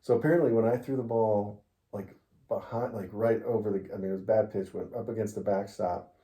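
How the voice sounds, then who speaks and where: A man's voice: on the low side, steady tone, fairly quick, warm tone. A middle-aged man telling a long baseball story in a casual interview, laughing often as he goes. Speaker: interviewee, father of the host. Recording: roomy echo.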